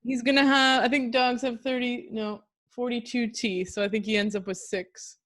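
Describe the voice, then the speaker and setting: Lively woman guest telling stories. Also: a little high, normal speed. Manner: lively storyteller who mimics her dog. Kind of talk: casual anecdote telling.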